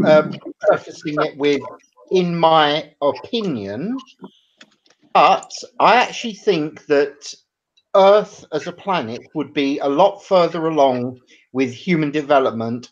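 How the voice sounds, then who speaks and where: Opinionated British man, muffled audio. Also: fairly high pitch. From Britain. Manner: opinionated, argumentative. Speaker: podcast host. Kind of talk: casual banter. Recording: dull lo-fi audio.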